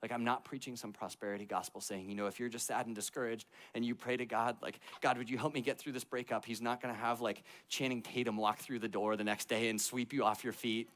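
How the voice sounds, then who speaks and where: A young man preaching to a church youth group, telling his story in a casual, conversational way full of "like" fillers and moving between loud and hushed delivery. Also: medium pitch, little pitch movement, fast talker, few pauses. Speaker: youth pastor.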